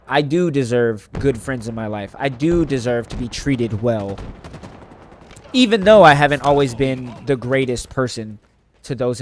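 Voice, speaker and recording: Male game streamer, mid-pitched voice, earnest and emotional, rambling chat, faint gunfire behind. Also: slight background noise. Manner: earnest, emotional, rambling with many fillers and restarts. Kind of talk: casual chat to live chat while gaming.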